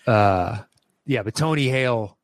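A man in casual conversation, swearing freely as he relives favorite scenes from a TV comedy. His voice sits at a middling pitch and sounds close and dry, with no room around it. He slips into bits of the characters' lines as he talks. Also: measured pace, dry recording. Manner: animated, acts out quoted lines, swears. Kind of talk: casual chat about a TV show.

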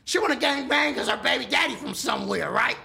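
A man being interviewed, talking loudly in casual street slang and swearing freely. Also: extremely high pitch, fast talker, gravelly, crowd noise. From Texas. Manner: loud, animated street talk with frequent profanity. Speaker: interview guest.

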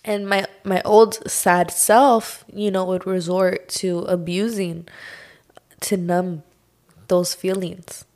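A young woman hosting her own podcast, talking through a personal struggle in a slow, heartfelt monologue full of sighs and "like". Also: fairly low pitch, level tone, a little mellow. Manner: slow, sighing, heartfelt, says "like" often. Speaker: podcast host.

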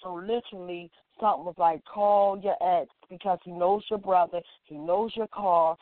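A woman's voice: fairly low pitch, moderate pace, no room sound. Woman telling a story over a tinny line. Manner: animated, acts out quoted dialogue, frequent "like". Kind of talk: personal story told casually. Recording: dry, tinny phone-like sound.

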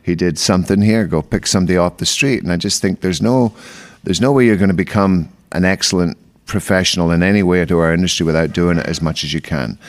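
A man's voice: low voice, quick pace. A middle-aged man, a veteran hairdresser and stage artist, telling joking stories in a podcast interview. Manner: joking storyteller.

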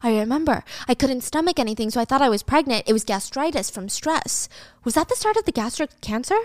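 A woman's voice: high-pitched, lively intonation, fairly quick, no room sound. A woman voicing a weary, fed-up woman in her thirties. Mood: bitter.

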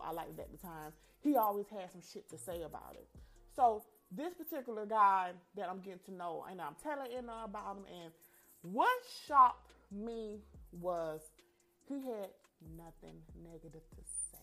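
A young woman hosts her own show and tells a personal story straight to her listeners. Her voice is bright and forward. She talks frankly and animatedly, and she swears freely. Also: mid-range voice. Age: young adult.

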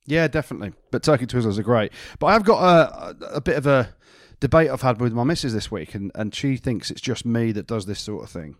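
A man with an ordinary mid-range voice who co-hosts a podcast and tells cheeky stories with lively animation. He sits close to the mic in a dry, deadened sound. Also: medium pitch, a little fast, hardly any pauses, no room sound. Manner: animated, cheeky anecdote-telling. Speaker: podcast co-host. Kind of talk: casual chat.

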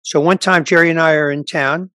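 An older male stand-up comedian tells stories in a casual interview, animatedly acting out the people he quotes in their voices. His voice is a little high and fairly quick, with no room sound.

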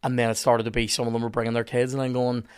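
A Northern Irish man guesting on a podcast, speaking at an ordinary middle pitch. He rambles through stories in casual chat, often poking fun at himself. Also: level tone, very fast, clean tone. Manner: rambling, self-mocking storyteller.

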